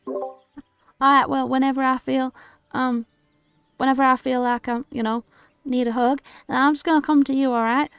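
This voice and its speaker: A gentle, childlike scarecrow man, played by a British woman, hesitant and innocent, in a tabletop game. His voice sits fairly high and sounds dry and close. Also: flat delivery, normal speed, clear, resonant tone, no room sound, soft background music. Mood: tender. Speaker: dungeon master.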